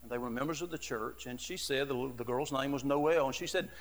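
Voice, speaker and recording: Fairly quick and mid-range, a middle-aged associate pastor delivers his sermon in a big-sounding room. He speaks earnestly, like he's chatting through a story, saying "you know" often.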